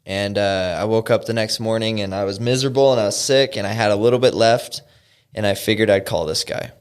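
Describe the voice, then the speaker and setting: A young man from Utah telling his recovery story as a guest, halting with frequent fillers and restarts. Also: lowish voice, steady tone, smooth. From Utah, USA. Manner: halting, lots of "you know" and "um", restarts. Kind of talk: personal storytelling in an interview.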